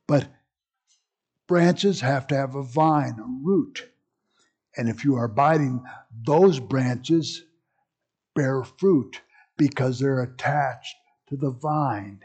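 A man's voice: medium pitch, takes it slowly, long pauses, darkish tone, husky. A man preaching a sermon as pastor, teaching in a conversational way with frequent asides and explanations.

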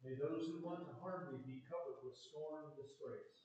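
A man's voice: on the high side, moderate pace, warm tone. Man reading scripture in an echoey room. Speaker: scripture reader. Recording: echoey, muffled, far from the mic.

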